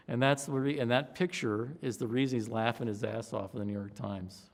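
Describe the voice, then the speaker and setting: A middle-aged man in an interview, telling lively anecdotes and slipping into other people's voices as he recalls them. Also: mid-range voice, brisk, gravelly, in a large hall. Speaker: pollster interviewee.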